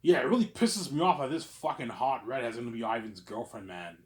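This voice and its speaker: A man in his thirties rambling through a personal monologue, stammering and repeating himself, dropping to a mutter and then rising to loud outbursts. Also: fairly quick. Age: 30s. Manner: repetitive, stammering restarts, frequent "obviously"; swings between low muttering and loud outbursts. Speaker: vlogger.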